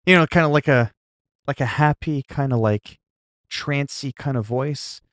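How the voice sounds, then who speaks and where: A man with a medium-pitched voice livestreams, chatting casually with viewers while telling a story. He laughs often, stumbles over his words and restarts halting sentences. The recording is dry.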